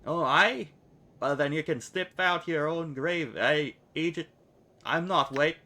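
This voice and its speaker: A man's voice: on the high side, takes it slowly, bright, forceful tone, voice pushed up. A man voicing a scornful young rogue woman in a video game, with a clipped, put-on dialect and a sneering manner.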